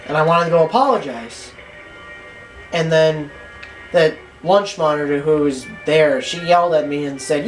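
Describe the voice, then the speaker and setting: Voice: medium pitch, normal speed. Rambling gameplay storyteller, faint music. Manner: rambling, animated, acts out quotes in raised voices. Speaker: gameplay commentator. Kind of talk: casual storytelling over gameplay.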